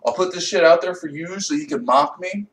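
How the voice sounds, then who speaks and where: Brief: young male comedian, high-pitched, profane rambling rant, recorded off-mic in an echoey room. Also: a little fast, recorded from a distance. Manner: rambling, swings between low mutters and loud outbursts.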